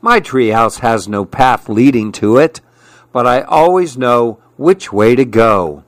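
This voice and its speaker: A man reading a children's storybook aloud, with a slow, expressive delivery. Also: mid-range voice, no echo.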